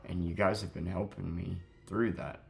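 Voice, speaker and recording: A young man telling a sad story in a halting, grieving way, close to crying, in a confessional vlog. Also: sits low, fairly even intonation, creaky. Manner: halting, heavy with grief, self-critical. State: near tears. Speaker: vlogger.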